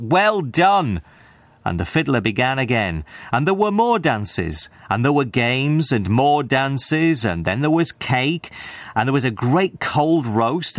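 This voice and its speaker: A man giving an expressive, scripted narration of a classic story. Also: mid-range voice, no room sound.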